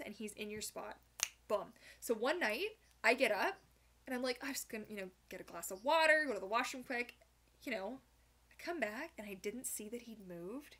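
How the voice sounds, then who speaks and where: A young woman hosting a live Q&A, chatting casually and reading viewer comments aloud with animated, giggly asides. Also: on the high side. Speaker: livestream host answering viewer questions.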